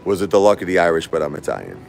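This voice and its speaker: Deep-voiced New man telling stories. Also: very animated, very fast, creaky, a little mellow, soft background music. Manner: rambling, repeats himself, laughs often. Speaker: live-stream host. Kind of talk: casual live-stream storytelling.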